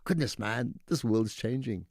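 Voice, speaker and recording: A man's voice: medium pitch, measured pace, darkish tone, no room sound, clean studio sound. A man hosting a call-in radio show, talking casually and pushing back on callers. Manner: conversational, rebuts callers directly. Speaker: radio talk show host. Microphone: studio microphone.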